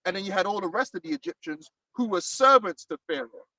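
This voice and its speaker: A man's voice: sits high, expressive, fast talker, sharp tone. A man preaching fiery and emphatic on a street outdoors, often tagging lines with "man", recorded from a distance.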